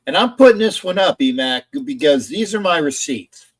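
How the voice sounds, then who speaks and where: A man's voice: a little high, lively intonation, moderate pace. Rambling man streaming football talk. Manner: rambling, reads chat aloud and argues with it. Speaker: sports streamer. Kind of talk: casual live stream chat. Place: indoor home streaming setup.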